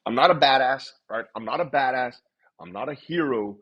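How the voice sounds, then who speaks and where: A man hosting a casual livestream, blunt and profane, rattling through shout-outs in a quick list. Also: mid-range voice, animated, slightly rough, highs cut off. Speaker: livestream host.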